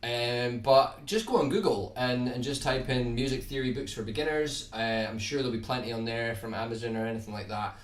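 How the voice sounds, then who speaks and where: A young Scottish man with a toned-down accent, chatting casually to viewers on his guitar livestream in a relaxed, rambling way, often restarting his words. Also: mid-range voice, brisk, few pauses, far from the mic. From Scotland. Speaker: guitar YouTuber hosting a livestream. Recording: roomy sound from off the mic, faint background hiss.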